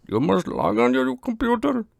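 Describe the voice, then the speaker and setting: A man's voice: very high-pitched, creaky, no room sound, studio quality, pitched above the performer's own voice, full character voice. A man putting on a mock Indian accent to play a pushy male phone scam caller who urgently demands money. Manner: insistent, urgent commands.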